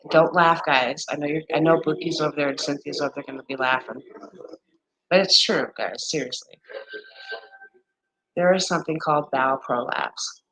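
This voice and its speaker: A woman in her forties or fifties chatting casually on a livestream, candid and blunt, swearing freely, talking straight to her viewers and acting out friends in high, exaggerated voices. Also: a bit bright, low-quality recording. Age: 40s to 50s. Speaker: livestream host.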